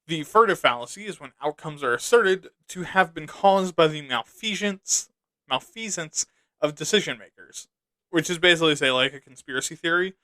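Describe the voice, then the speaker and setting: Bright, profane, sarcastic male podcaster. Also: a little high, lively intonation, normal speed, dry recording. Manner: profane, sarcastic ranting with jokes. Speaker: podcast host. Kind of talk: casual podcast monologue.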